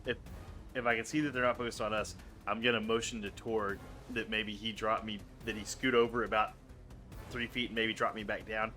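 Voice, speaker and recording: A man playing a tabletop role-playing game, working out his character's plan aloud with pauses. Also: lowish voice, little pitch movement, sharp tone, soft background music. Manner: thinks aloud, hesitant planning. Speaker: player.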